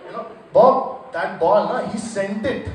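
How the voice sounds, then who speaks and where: A man playing a boastful, excitable male commentator with a put-on Bangalore accent, loud, recorded live in an echoey venue. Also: high voice, unhurried, recorded from a distance, a little hiss or hum. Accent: mock Bangalore Indian English.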